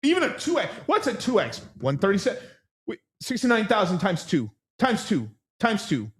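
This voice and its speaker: Young male stream host, a touch high-pitched, loose and rambling, swears freely, excitable delivery. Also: normal speed, a little hiss or hum. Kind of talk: casual livestream chat.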